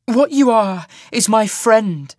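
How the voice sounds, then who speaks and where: A man's voice: high-pitched, expressive, normal speed, mellow, slightly rough, no echo, studio quality, voice pushed up. A man doing a tearful young woman. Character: young woman ruler, desperate and pleading.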